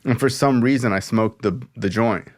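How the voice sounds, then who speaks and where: A podcast host with a mid-range voice and normal speed tells a story in casual chat, animatedly acting out the voices of the people in it.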